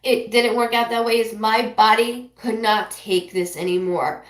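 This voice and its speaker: A woman doing a live psychic reading who rambles, apologizes often and passes on messages in quick bursts. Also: a little high, fairly even intonation, reverberant. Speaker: psychic medium.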